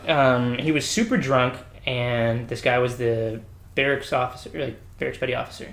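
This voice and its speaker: A man telling military stories in a casual podcast chat, laughing often and jumping into high pitch for the people he quotes. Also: normal speed, creaky, fairly bright tone. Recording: roomy echo.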